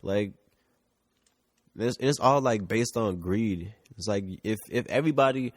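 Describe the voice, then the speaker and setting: A man's voice: on the low side, unhurried, no echo. A man co-hosting a podcast in loose casual chat, rambling with lots of "like" and the odd swear word. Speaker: podcast co-host. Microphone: shared mic.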